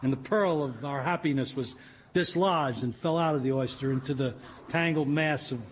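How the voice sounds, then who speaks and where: A man's voice: mid-range voice, moderate pace, slight background noise, natural voice. An actor playing a heartbroken older man in a radio comedy, with hammy mock film-noir romance. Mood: wounded.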